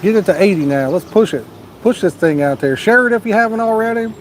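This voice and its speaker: A man's voice: high voice, animated, fast talker, a little hiss or hum. Laid-back man hosting a fishing livestream. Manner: laid-back, drawling, urges viewers to like and subscribe. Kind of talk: casual live-stream chat, reading viewer comments. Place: outdoors at a lake at night, storm nearby.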